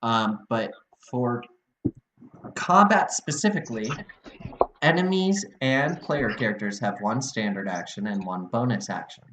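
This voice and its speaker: A man's voice: mid-range voice, animated, unhurried, echoey room, noisy background. A man casually explaining tabletop game rules as a dungeon master, laughing often. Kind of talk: casual chat.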